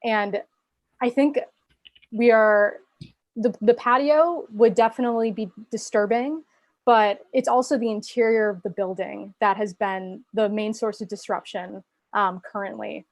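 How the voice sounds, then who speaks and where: A young woman from Boston speaks earnestly at a virtual meeting, measured and a little hesitant. Her voice sounds close and dry. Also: mid-range voice, fairly even intonation, no echo. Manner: earnest, measured complaint with some ums. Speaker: resident speaking at public comment. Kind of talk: public comment at a virtual meeting. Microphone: video call.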